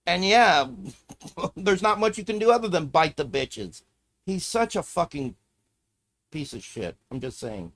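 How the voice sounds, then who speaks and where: A man's voice: on the high side, expressive, unhurried, pauses often, a bit bright. A man streaming live, talking to himself as he browses videos, swearing and ranting in a casual, irritated way. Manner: profane, ranting, muttering to himself while browsing.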